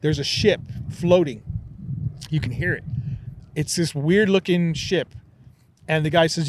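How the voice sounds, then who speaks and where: A man hosting a podcast in casual chat, telling a conspiracy story in an animated, excitable way. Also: fairly high pitch, a little slow, long pauses, slight background noise, poor audio. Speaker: podcast host.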